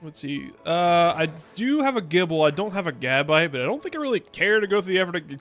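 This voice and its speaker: A man's voice: sits high, very animated, fairly quick, fairly bright tone, soft background music. A man streaming a video game, talking casually with rambling jokes and frequent bursts of laughter. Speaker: VTuber streamer. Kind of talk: casual let's-play commentary.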